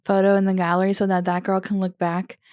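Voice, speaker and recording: A woman's voice: mid-range voice, little pitch movement, fast, darkish tone, dry recording, clean studio sound. Reassuring young woman co-host. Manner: supportive, reassuring reactions. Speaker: podcast co-host, wedding photographer. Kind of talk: casual chat.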